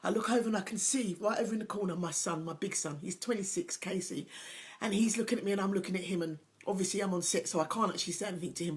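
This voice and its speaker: A middle-aged woman hosting a motivational talk, earnest and emotional, pressing her points by repeating them. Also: fairly low pitch. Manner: earnest, emphatic, repeats key phrases; openly emotional, personal. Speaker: host, confidence coach.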